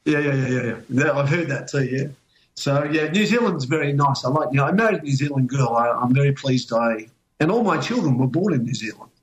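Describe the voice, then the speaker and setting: A man's voice: mid-range voice, expressive, a little fast, poor audio. Older Australian bloke, chatty storyteller, wanders through his yarns. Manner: rambling anecdotal storytelling. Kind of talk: casual chat.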